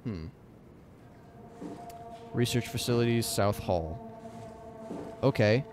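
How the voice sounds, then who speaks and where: A young man talks slowly in a medium-pitched voice over a noisy background while commentating his own gameplay. This let's play has him reacting nervously, swearing and addressing the characters on screen.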